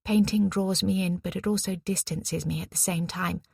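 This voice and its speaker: A weary young woman artist , voiced by a woman narrator, speaking in a soft, reserved, gentle tone. Her voice carries a husky, gravelly texture, recorded dry and close. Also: lowish voice, steady tone, normal speed, no echo.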